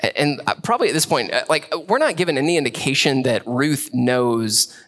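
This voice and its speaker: A man's voice: mid-range voice, expressive, fairly quick, a bit bright. A young adult man, a pastor, preaching a sermon in a casual, conversational way with many fillers.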